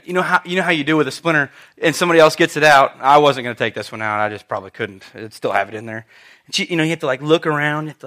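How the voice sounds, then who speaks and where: A man preaching a sermon, telling a story with lively asides and questions to the congregation. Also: fairly high pitch.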